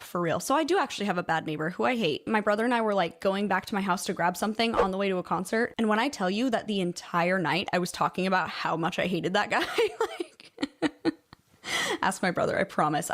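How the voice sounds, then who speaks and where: A young woman hosting a casual vlog, telling stories in a chatty, swearing, animated way into a studio mic. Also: medium pitch, fast. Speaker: YouTube commentary host.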